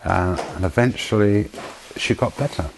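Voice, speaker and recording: A man with a very low voice tells a personal testimony, slow and tender as he recalls people he met. A faint hiss of noise sits under his voice. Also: gravelly, low-quality recording. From United Kingdom. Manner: emotional storytelling, slow and tender. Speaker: charity founder giving testimony.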